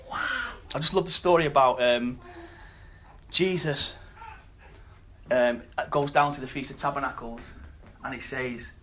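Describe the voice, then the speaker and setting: A man preaching a sermon, telling a scripture story earnestly and dropping to quiet emphasis. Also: on the high side, slight background noise.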